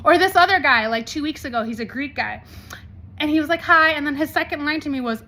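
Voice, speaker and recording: A woman in her forties talking candidly to camera as a vlogger, blunt and animated, swearing freely. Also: high voice, fast talker. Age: 40s.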